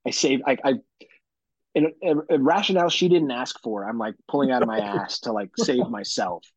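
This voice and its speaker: A man hosting a podcast, telling a profane, animated story about his kids in casual chat. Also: medium pitch, fairly quick. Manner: profane, animated storytelling with mock-dramatic quotes. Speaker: podcast host. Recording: dull lo-fi podcast audio.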